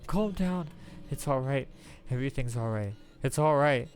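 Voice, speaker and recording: A man voicing a gentle woman calming a frightened man. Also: fairly high pitch, unhurried, soft background music, natural voice. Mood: soothing. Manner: soothing, gentle.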